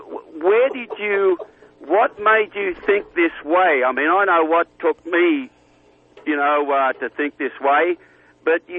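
Older Australian caller on a tinny phone. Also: male voice, on the high side. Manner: chatty, calls people mate. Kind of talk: talk radio call-in.

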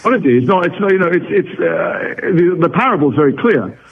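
A middle-aged English actor from England, talking reflectively and wryly as a radio interview guest. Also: male voice, sits high, animated, a little fast, creaky, a little hiss or hum. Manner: reflective, articulate, wry. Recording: phone-like radio line.

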